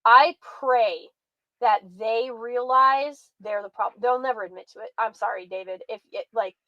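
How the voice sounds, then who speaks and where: A woman's voice: a little high, fairly even intonation, normal speed, no room sound, dull audio. A woman hosting a commentary show, reacting with sarcastic, exasperated rants. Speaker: commentary host.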